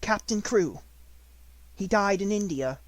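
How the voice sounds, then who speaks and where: A man reading an audiobook and voicing a quiet, grave orphaned little girl in a raised, soft, steady voice. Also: high-pitched, slow, dry recording, pitched above the performer's own voice.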